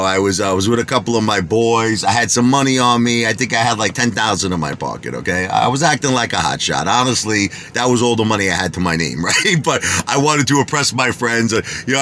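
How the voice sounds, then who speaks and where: A little hiss or hum runs under this mid-range male voice. He's a Bensonhurst vlogger with a Brooklyn accent, spinning a bragging tale in animated street slang and insisting on oath that he doesn't lie.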